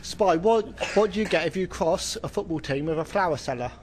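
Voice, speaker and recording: A man's voice: high voice, brisk, slight background noise, low-quality recording. A man with a Scottish accent telling jokes on a radio phone-in, cheerfully laughing at his own punchlines. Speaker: joke-telling caller.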